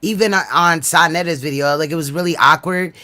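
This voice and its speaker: A man's voice: on the high side, a little fast, background noise. A man hosting a livestream panel, talking loosely and laughing as he tells stories in slangy casual chat.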